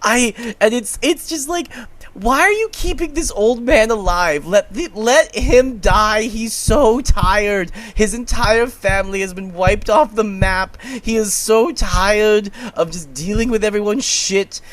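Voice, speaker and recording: A man co-hosting a casual book podcast, animated and jokey, often repeating words. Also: high-pitched, measured pace. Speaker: podcast co-host.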